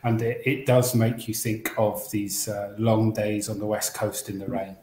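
A man's voice: lowish voice, little pitch movement, measured pace, dark tone. A man from England co-hosting a casual chat show, enthusiastic and rambling, with many restarts. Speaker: podcast co-host. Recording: roomy echo.

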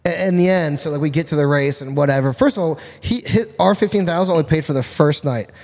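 Man, from Florida, a bit high-pitched, swearing storyteller, casual chat. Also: quick pace, in a large hall. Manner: profane, animated storytelling. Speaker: podcast guest, car tuner.

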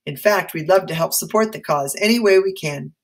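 A woman voicing an eager, excitable male history teacher who gushes with admiration. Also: lowish voice, a little fast, natural voice.

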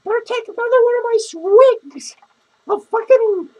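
Man playing Penny, a shrill foul-mouthed clown. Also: normal speed, dark tone, highs cut off. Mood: rambling. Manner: crude, rambling rants full of cursing and cackling laughs. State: hungover. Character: foul-mouthed, lonely, hungover female clown. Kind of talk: comedic character monologue.

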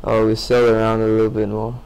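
A man's voice: lowish voice, monotone, brisk, vocal fry, darkish tone, smooth, rough recording. A sleepy young man commenting casually on his gameplay, rambling to himself and swearing. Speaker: gamer.

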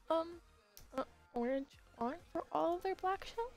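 A woman game streamer chatting to viewers during a live stream, giggling, gasping and squealing often. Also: extremely high pitch. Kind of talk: excited live-stream chat.

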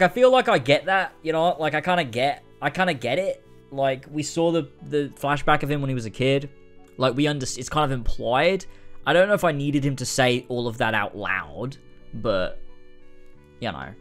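A young man streaming a game with casual, excitable, swearing commentary. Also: medium pitch, normal speed, soft background music. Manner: animated, swearing, excitable reactions. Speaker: gaming streamer. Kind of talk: casual let's-play commentary.

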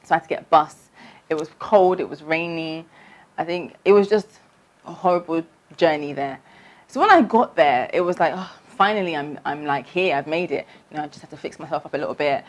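Lively woman telling a story. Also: fairly quick. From London. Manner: animated storytelling, acting out her own past voice with big pitch jumps. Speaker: vlogger. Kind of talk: storytime vlog.

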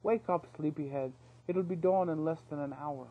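A man's voice: fairly high pitch, moderate pace, phone-quality sound. A man voicing a serious, earnest young male warrior mouse in a read-aloud storybook. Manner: earnest, plain-spoken.

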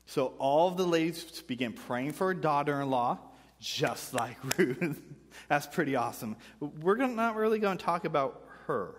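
A man preaching a sermon in a church, reading scripture with joking asides and swinging from loud bursts to hushed lines. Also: a little high, expressive, moderate pace. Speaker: pastor. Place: church sanctuary. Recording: church hall reverb.

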